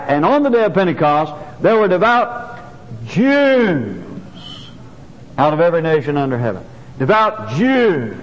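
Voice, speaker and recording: The recording is dull and lo-fi, with long reverb filling a church hall, as an older male pastor preaches. His high voice swoops freely up and down, and he repeats key phrases for emphasis.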